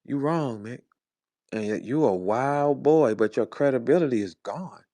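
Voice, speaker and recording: Expressive and a little slow, this man's medium-pitched voice has a dark tone and no echo. A St. Louis rapper in his forties, he rants in a heated, profane, confrontational manner over a phone in an online audio chat.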